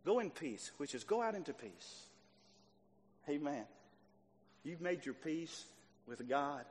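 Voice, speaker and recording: A fairly high-voiced man preaches to his congregation, pressing his points and repeating himself for emphasis. His voice swings from hushed asides to loud bursts. A long church-hall reverb trails each phrase. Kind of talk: sermon. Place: church sanctuary.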